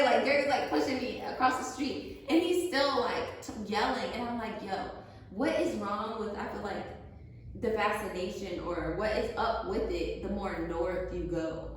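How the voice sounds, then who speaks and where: A young woman chatting casually, telling stories in an animated way with lots of "like". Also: a little high, normal speed, distant mic. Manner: animated storytelling, frequent "like", laughs. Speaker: vlog host. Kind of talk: casual chat. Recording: echoey room, away from mic.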